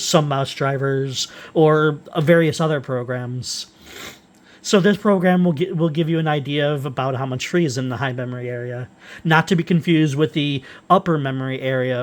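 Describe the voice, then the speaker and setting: A man walking through software tools he wrote, unscripted and halting, with frequent fillers and restarts. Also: fairly high pitch. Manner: rambling, halting, with many uhs and restarts. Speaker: software developer presenting his utilities. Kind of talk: unscripted screen-recorded software walkthrough.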